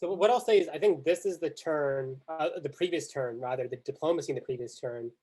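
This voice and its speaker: A man who is a guest on a podcast, recounting a strategy game in a relaxed way and leaning on "like, you know" throughout. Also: fairly high pitch, a little fast, slightly rough. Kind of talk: casual chat recapping an online strategy game.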